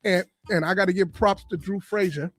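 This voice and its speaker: High-voiced animated male storyteller. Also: fairly quick. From Boston area. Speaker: comedian and radio personality guest. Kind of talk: storytelling interview. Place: podcast studio.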